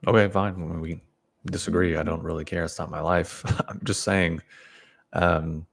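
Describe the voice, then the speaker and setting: Deep gravelly man giving blunt opinions. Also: steady tone, normal speed. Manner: blunt, opinionated, rambling with restarts and chuckles. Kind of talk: casual opinion monologue to camera.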